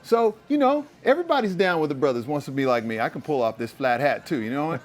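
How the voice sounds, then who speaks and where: A man's voice: mid-range voice, a little fast, lightly acted. A man voicing a boastful player who fakes an American street drawl, full of slang.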